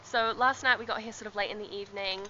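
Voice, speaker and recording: Young woman chatting to her handheld cam, bright forceful voice, slightly dull lo-fi sound with faint noise. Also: mid-range voice, fairly even intonation, quick pace. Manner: chatty storytelling, laughing often, many ums and likes. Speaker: travel vlogger. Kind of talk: casual travel vlog. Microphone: handheld camera.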